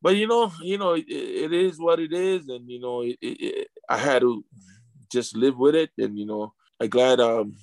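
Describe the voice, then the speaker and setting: Male interview guest, mid-pitched, emotional storyteller who stumbles and repeats, dry close sound. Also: a little slow, vocal fry, darkish tone, no echo. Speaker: interview guest, retired sumo wrestler.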